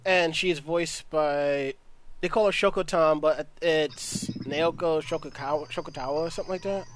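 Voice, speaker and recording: A podcast co-host chatting casually in a relaxed, joking way. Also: medium pitch, normal speed, a little hiss or hum. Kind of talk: casual chat.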